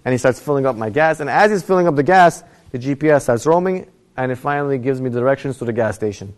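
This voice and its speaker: A man's voice: medium pitch, expressive, fast. A young adult man telling a personal story in a Torah class, his voice rising as the story gets tense. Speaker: rabbi giving a Torah class. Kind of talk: storytelling lecture.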